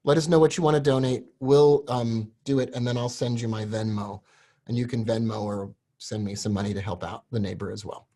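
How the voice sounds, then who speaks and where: A man hosting a live stream, pitching a course with earnest, emotional directness to viewers. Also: fairly even intonation, fairly quick, mellow. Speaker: host selling a trading course.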